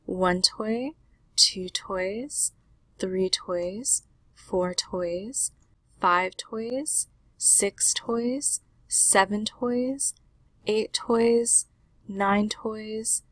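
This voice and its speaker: A woman reading a children's picture book aloud in a gentle, playful storytelling manner. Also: mid-range voice, drawn-out words, pauses often, dry recording. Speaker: narrator.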